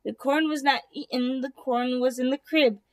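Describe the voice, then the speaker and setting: A woman reading a children's picture book aloud in a slow, deliberate way. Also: high voice, fairly even intonation, clear, resonant tone. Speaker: storybook reader. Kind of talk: children's storybook read-aloud.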